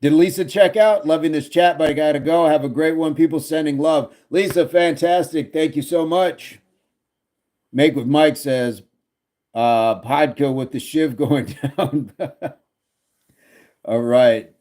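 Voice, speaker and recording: A man's voice: a little high, fairly even intonation, a little slow, long pauses, darkish tone. A man casually hosting a fitness livestream, joking and laughing as he reads chat comments aloud.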